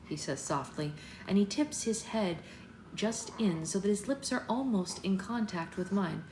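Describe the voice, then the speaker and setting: A woman hosting a book club, reading a novel aloud at home in a measured, expressive storytelling manner. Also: fairly low pitch. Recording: echoey room with background noise.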